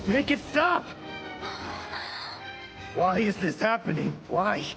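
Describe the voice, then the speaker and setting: A foul-mouthed young criminal, bitter and defiant, shouting out his anguish. His voice sits high and swings widely in pitch, with loud score music under it in this anime dub. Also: very animated, slow, heavily acted. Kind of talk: English anime dub acting.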